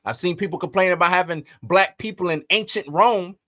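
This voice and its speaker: A man hosting an entertainment news commentary, talking in an animated, emphatic way and piling up rhetorical questions. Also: sits high, brisk, no room sound, clean studio sound. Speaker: host.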